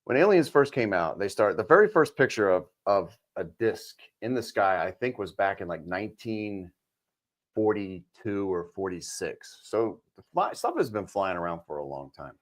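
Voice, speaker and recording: A man co-hosting a casual talk show, ranting in an animated, profane way with sudden loud outbursts. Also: on the low side, normal speed. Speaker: podcast co-host. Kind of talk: casual conspiracy chat.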